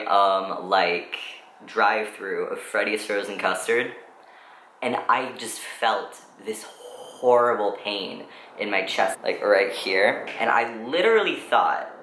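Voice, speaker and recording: Teen guy vlogging, low voice, kinda sharp tone, swears a lot, roomy echo. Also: a little slow, slight background noise. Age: teens. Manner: rambling, swears often, many fillers. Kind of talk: casual storytelling vlog.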